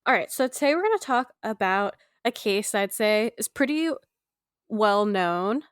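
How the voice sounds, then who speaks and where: A woman co-hosting a podcast in casual chat, sounding stuffy from a cold, chatty and quick to laugh. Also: mid-range voice, expressive, clear, resonant tone, no room sound, clean studio sound. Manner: chatty, laughs easily, many fillers. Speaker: podcast co-host.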